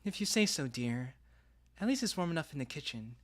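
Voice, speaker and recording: Güney ABD aksanıyla konuşan, şakacı ve sıcak Teksaslı bir üvey anne, bir erkek yayıncı taklit ediyor; ağır ağır uzatarak, anaç bir tonla takılıyor. Görsel roman sahnesi havasında. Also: male voice, a little high, sing-song, brisk, fairly bright tone. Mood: motherly. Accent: Southern US, put on. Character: warm, teasing Texan stepmom.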